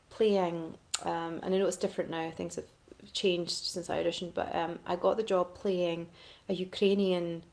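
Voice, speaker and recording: A woman with a fairly low, gravelly voice that slips into vocal fry, talking casually to camera. She rambles, laughs at herself and apologizes easily while working through fan requests as an actress. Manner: chatty, rambling, self-deprecating.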